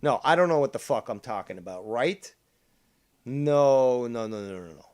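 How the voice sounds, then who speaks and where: A man's voice: mid-range voice, lively intonation, moderate pace, smooth. A man from Canada hosting a heated panel argument, smug and profane as he lectures the others. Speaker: show host.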